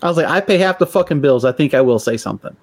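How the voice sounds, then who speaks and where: A man's voice: fairly high pitch, animated, rapid-fire, no echo. Blunt, foul-mouthed man in his forties. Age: 40s. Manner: profane, blunt storytelling with acted-out quotes. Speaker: podcast co-host. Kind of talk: casual podcast chat.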